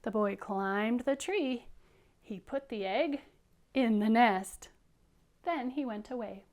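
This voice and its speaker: A woman teacher reads a picture book aloud to young children, animated and slipping into hushed, whispered asides. Her voice is fairly high, and she takes it slowly.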